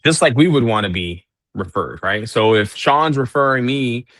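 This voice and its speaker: A man's voice: mid-range voice, animated, normal speed, a bit bright, no echo. A man coaching real estate agents on a group call, teaching step by step and acting out sample lines to clients.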